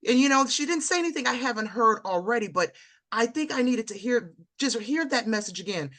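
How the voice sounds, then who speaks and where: A woman's voice: on the high side, lively intonation, a little fast, fairly bright tone. Woman host, personal and affirming. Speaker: interview host. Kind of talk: conversational interview.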